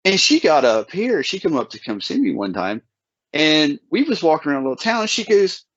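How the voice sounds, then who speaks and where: Animated Appalachian-accented man, lo-fi. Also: fairly high pitch, fairly quick, no room sound. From Southern Ohio, USA. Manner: animated, stumbling restarts. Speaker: podcast host. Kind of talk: casual chat.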